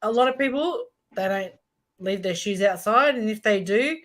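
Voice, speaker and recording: A woman's voice: mid-range voice, lively intonation, moderate pace, fairly bright tone. A woman with an Australian accent chatting casually in an easygoing way. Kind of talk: casual chat.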